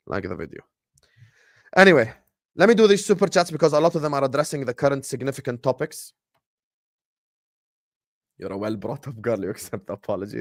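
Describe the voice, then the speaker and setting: A young man hosting a casual football livestream, animated and teasing, swinging between loud bursts and hushed asides. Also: medium pitch, brisk, long pauses, dry recording, clean studio sound. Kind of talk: casual fan livestream rant.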